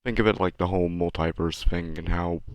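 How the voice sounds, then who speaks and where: A young man with a low voice rambles through a casual, self-mocking video commentary, a little sick with the odd cough. The sound is dry and close, with no room echo. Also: steady tone, a little fast, smooth. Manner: self-deprecating, rambling, sarcastic. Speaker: channel host. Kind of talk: casual rambling commentary over his animation.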